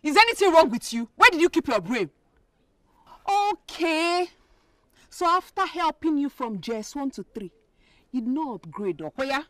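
A woman's voice: high-pitched, very animated, normal speed, a bit bright, no echo. An actress with a Nigerian accent playing a defiant wife who talks rudely and insults those around her. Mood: scornful. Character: defiant young wife scorning her husband. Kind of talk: Nollywood film acting.

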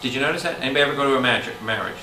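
A man, a priest, preaching a Bible study to a congregation, animated and calling out questions to the room. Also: mid-range voice, rapid-fire. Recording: roomy hall taped from a distance with noise.

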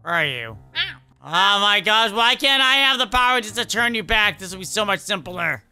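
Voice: mid-range voice, expressive, moderate pace, bright, forceful tone, clean tone, soft background music. Someone voicing an exasperated animatronic fox. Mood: pleading. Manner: exasperated, exclaiming, scolding. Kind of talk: fan game role-play.

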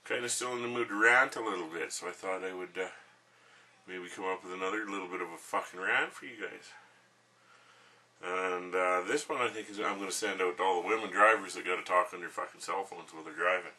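Man, middle-aged, crude profane rant, rambling, forceful edge. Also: low-pitched, far from the mic. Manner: crude, swears constantly, rambling. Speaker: vlogger. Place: at home.

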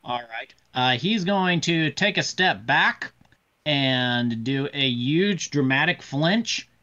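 A man narrating a tabletop role-playing game as game master, pausing often with fillers. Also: on the high side, expressive, bright, forceful tone, lo-fi sound. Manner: halting, with many fillers.

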